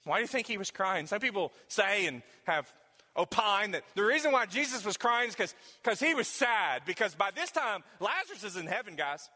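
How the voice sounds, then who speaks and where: A man's voice: high-pitched, expressive, normal speed, sharp tone. A man preaching a sermon, talking emphatically to the congregation and asking them questions directly. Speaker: pastor. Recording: long hall reverb.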